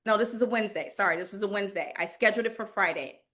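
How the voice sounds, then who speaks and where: A woman in her forties, a podcast guest, telling a personal story in a candid, emotional way with many pauses and fillers. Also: medium pitch, fairly bright tone.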